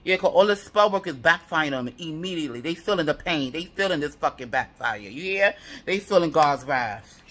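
A man's voice: a little high, lively intonation, brisk, fairly bright tone. A man giving a tarot reading to viewers, heated and profane, piling up repeated affirmations. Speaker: tarot reader.

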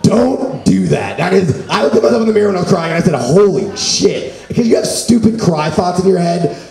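A man's voice: high-pitched, fast talker, gravelly, darkish tone. A man doing a stand-up comedy set at an open mic, rambling and filler-heavy. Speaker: stand-up comic. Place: small comedy venue with an audience. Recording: echoey room with audience noise.

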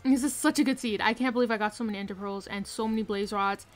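A woman streaming a game live from her room, excitedly commenting and repeating herself with hyped exclamations. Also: medium pitch, quick pace, soft background music. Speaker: gaming streamer.

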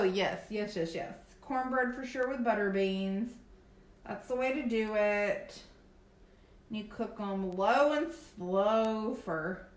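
Chatty Southern woman painting live. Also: on the high side. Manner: chatty, reads and answers viewer comments. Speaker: painting vlogger on a live stream. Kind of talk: casual chat while painting live. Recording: echoey room with faint background noise.

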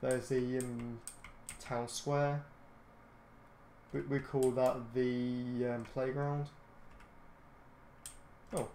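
A man's voice: medium pitch, little pitch movement, extremely slow, pauses often, dark tone, slight background noise. A British man hosting a gaming channel, giving casual gameplay commentary full of ums and restarts, easily irritated and grumbling. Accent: British English. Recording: roomy echoey home recording.

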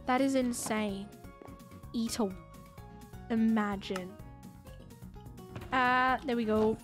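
A woman's voice: a little high, fairly even intonation, slow pace, pauses often, soft background music. A woman streaming a game live, chatting casually and reacting to chat messages with incredulous exclamations.

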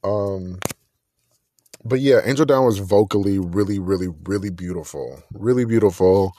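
A man hosting a casual solo podcast, gushing with excitement and swearing freely. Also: on the low side, moderate pace, no echo, clean studio sound. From not from Texas. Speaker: podcast host.

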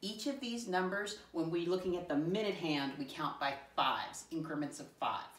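Woman teacher, encouraging and deliberate with little kids, recorded in an echoey room from a distance. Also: lowish voice. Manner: encouraging, slow and deliberate, spells words letter by letter. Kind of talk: classroom lesson for young children.

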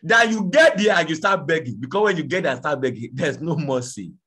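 Fiery high-pitched preacher man. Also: lively intonation, a little fast, slightly rough. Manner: shouting, pleading, rhetorical questions. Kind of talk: fiery sermon.

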